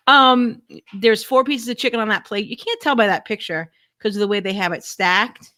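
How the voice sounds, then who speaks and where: A woman co-hosting a casual live stream chat about food, chatty and quick to laugh, often restarting her words. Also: medium pitch, sharp tone.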